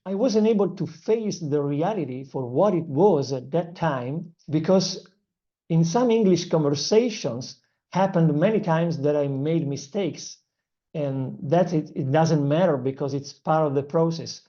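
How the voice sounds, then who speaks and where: A speaker with an Italian accent teaches in an earnest, reflective way, in short phrases broken by small fillers. The tone is mellow and warm. The recording sounds a little dull and lo-fi. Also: mid-range voice, measured pace. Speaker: English-learning channel host. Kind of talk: motivational language lesson.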